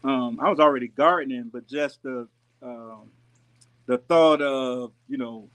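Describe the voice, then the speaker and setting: A man hosting a gardening channel, chatting casually and directly with viewers on a live stream in a relaxed, folksy way. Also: mid-range voice, unhurried. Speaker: YouTube gardening channel host. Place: rented house with pool and jacuzzi. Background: pool and jacuzzi noise.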